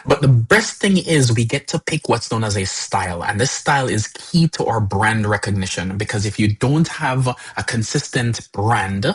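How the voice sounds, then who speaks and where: Husky-voiced man teaching a workshop. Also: medium pitch, rough recording. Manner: conversational, repeats words, many fillers. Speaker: workshop instructor.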